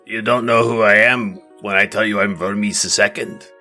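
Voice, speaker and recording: A man's voice: lowish voice, fairly even intonation, normal speed, bright, forceful tone, soft background music. Man voicing a pompous stammering mage king. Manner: pompous, stammering when flustered. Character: pompous male mage king, flustered and boastful. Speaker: game master. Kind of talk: improvised tabletop role-play.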